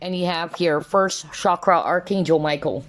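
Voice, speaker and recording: In a fairly low, moderately paced voice, a woman reads tarot cards casually for viewers. Her delivery is heartfelt and emotional, full of fillers such as "kind of, like" and "you know," and she is openly moved.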